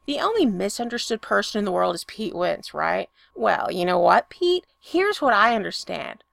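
A woman's voice: medium pitch, very animated, normal speed, creaky, fairly bright tone, dry recording, heavily acted. A woman voicing a sulky, bitter young man who speaks stiffly and curtly, in her own reading voice. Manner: stiff, curt, resentful.

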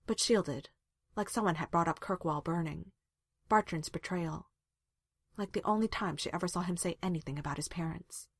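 A woman reading a romance story aloud with measured, expressive narration. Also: on the low side, slightly rough, dry recording. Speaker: fan fiction reader.

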